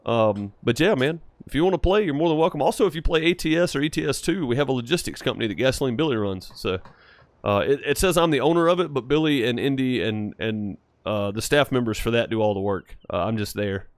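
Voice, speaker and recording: A man's voice: medium pitch, animated, quick pace, no room sound. Laid-back man chatting on a game stream. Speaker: live streamer, game host. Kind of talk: casual chat while streaming a farming game.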